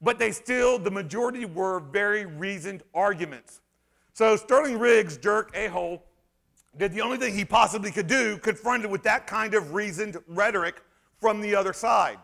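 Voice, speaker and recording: A man giving an animated conference talk, sarcastic and emphatic, rambling through restarts and breaking into shouts. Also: high-pitched, moderate pace, creaky. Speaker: conference speaker. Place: conference hall stage.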